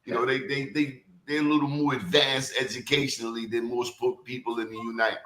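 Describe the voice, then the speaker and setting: Blunt host in an echoey room. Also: male voice, mid-range voice, flat delivery, brisk, fairly bright tone, a little hiss or hum. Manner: blunt, pushes guests to respond. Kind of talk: moderating a political roundtable. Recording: roomy echo.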